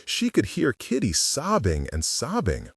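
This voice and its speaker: A man narrating a novel as an audiobook, in an expressive storytelling manner. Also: medium pitch, measured pace, breathy edge, no room sound, clean studio sound, recorded from a distance.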